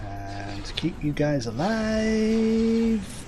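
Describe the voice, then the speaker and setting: A man's voice: a little high, expressive, a little slow, music in the background. A man streaming a game, chatting casually with friends and laughing easily. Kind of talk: casual gameplay chat.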